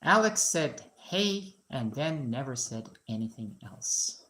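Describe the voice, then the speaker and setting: A woman's voice: rumbling low, big pitch swings, slow, fairly bright tone. Chatty woman streaming from a garage. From Russia (Moscow). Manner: chatty and joking, asks viewers questions. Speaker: live-stream host, musician and painter. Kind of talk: casual live-stream chat.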